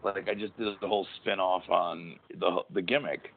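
A deep-voiced middle-aged man chats casually on a podcast. He rambles, swears often and breaks off mid-thought. The audio is narrow and tinny, like a phone call. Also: fairly even intonation, normal speed, vocal fry, husky. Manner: rambling, profane, restarts mid-sentence. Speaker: podcast host, former pro wrestler. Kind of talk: casual chat.

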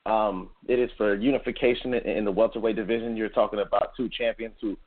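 A man's voice: fairly low pitch, steady tone, fast talker. A man hosting a casual boxing podcast, chatting upbeat with his co-host. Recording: tinny phone-like line.

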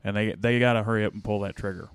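A man's voice: fairly low pitch, steady tone, racing, clear, resonant tone, no echo. A middle-aged man co-hosting a casual wrestling podcast, rambling with lots of filler words. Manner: rambling, many "you know" fillers. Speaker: podcast co-host.

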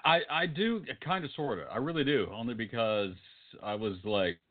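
A man's voice: mid-range voice, animated, moderate pace. A man co-hosting a comedy podcast, trading dry jokes in a sleepy, casual way. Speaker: podcast co-host. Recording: tinny phone-like sound.

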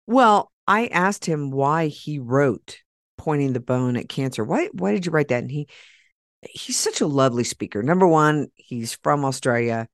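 A woman hosting a podcast in casual chat, talkative and retelling what others said with animated quoting. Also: sits low, normal speed, no echo, clean studio sound. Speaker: podcast host.

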